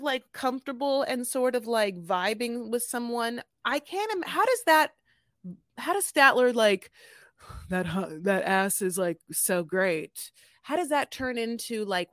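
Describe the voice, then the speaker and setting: A woman's voice: on the high side, a bit bright, no room sound, clean studio sound. A woman co-hosting a podcast, chatting casually and rambling in a gushing way, with restarts and the odd swear. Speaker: podcast co-host. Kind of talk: casual chat recap.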